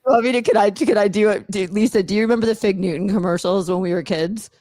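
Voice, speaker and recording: A woman's voice: mid-range voice, quick pace, warm tone, no room sound. Chatty, rambling middle-aged American woman. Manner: rambling, many fillers and restarts, laughs often. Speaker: attorney and author, podcast regular. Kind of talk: casual podcast chat.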